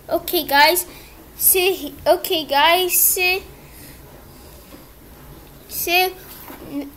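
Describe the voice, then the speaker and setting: A woman with a very high voice voices all the characters of a homemade cartoon. She talks slowly and stops often, restarting her lines as she improvises. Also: fairly bright tone, slight background noise. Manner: halting, improvised, many restarts. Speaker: creator voicing all characters.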